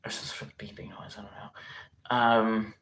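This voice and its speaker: A man's voice: fairly low pitch, monotone, moderate pace, creaky, fairly bright tone, in a whisper. A young man hosting a live stream, rambling casually with lots of fillers and some swearing, and speaking with a regional accent. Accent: regional dialect, place unstated. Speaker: livestream host.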